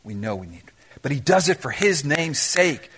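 A male pastor delivers a sermon in a high, bright, forceful voice that swings widely in pitch. He keeps throwing rhetorical questions at the congregation and slips in quick humorous asides. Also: big pitch swings, breathy edge. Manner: preaching with rhetorical questions and dramatic pauses.

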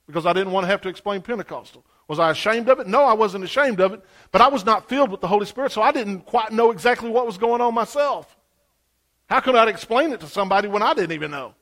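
A man with a high voice preaches a sermon. He tells his story with lively swings, dropping to hushed asides and then rising into loud exclamations.

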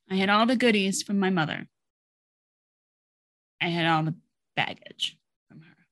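A woman's voice: lowish voice, big pitch swings, moderate pace, pauses often, pushed and bright, no echo. A middle-aged woman hosting her own podcast, telling a personal story in a blunt, candid way and swearing freely. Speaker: podcast host. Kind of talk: personal monologue.

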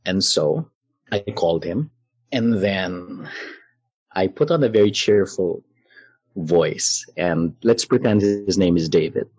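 A man recounting a personal episode in an unhurried, deliberate way, leaning into the drama of the moment. His voice is low and a bit husky, each phrase given room. The sound is close and dry, with no room around it. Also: expressive, no room sound, muffled recording. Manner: measured, dramatic retelling with pauses and soft laughs. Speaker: guest storyteller. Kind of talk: personal storytelling in conversation.

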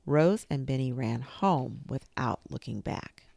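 A woman reading a children's storybook aloud in a slow, expressive manner. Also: a bass voice, creaky, no echo. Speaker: narrator.

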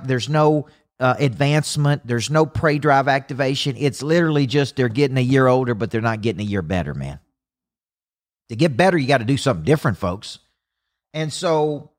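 A middle-aged man holds forth as a business coach in a live motivational talk. His voice sits at an ordinary mid pitch, and he drives each point with emphatic, repeated phrasing and bursts of energy.

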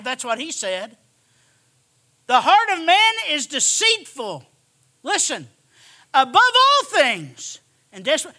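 A man preaching a sermon, emphatic and repetitive, swinging from hushed asides to shouted lines. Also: extremely high pitch.

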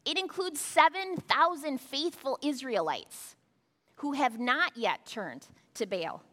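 A woman's voice: sits high, lively intonation, takes it slowly, sharp tone. A woman pastor giving a sermon, talking conversationally with rhetorical asides to the congregation. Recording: long hall reverb.

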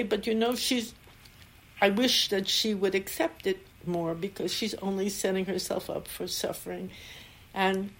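A woman's voice: a little high, vocal fry, slight background noise. An older woman, a Zen teacher, giving a dharma talk with anecdotes and frequent laughter. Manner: warm storytelling, laughs often.

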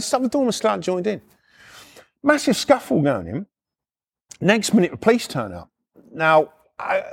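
A middle-aged man from the UK telling rough personal stories in a rambling, profane, lively way. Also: sits high. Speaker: storyteller. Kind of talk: casual anecdote.

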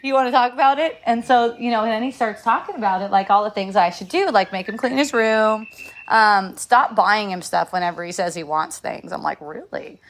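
A woman's voice: medium pitch, lively intonation, moderate pace, a bit bright. A middle-aged woman telling a story about her sons in a casual chat, laughing often and rambling with many restarts.

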